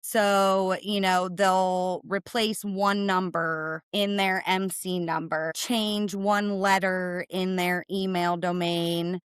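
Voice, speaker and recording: A woman talks as a podcast guest in a brisk, emphatic way, often checking in with "right?". Her voice is smooth and resonant, and it is recorded close and dry. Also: on the low side, level tone, no echo. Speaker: cargo claims and risk manager, guest. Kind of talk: podcast interview, explaining.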